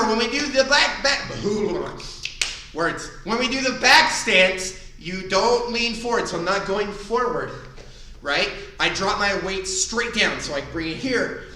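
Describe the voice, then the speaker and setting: A man teaching a live online karate class, coaching upbeat and counting moves with shouted kiai. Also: sits high. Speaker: karate instructor. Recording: echoey room, voice far from the mic.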